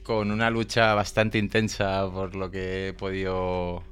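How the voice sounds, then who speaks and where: A man presenting a song on a casual radio show, talking in a rapid, animated way. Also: deep voice, clean tone, soft background music. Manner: rapid, animated, switching languages. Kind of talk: casual chat.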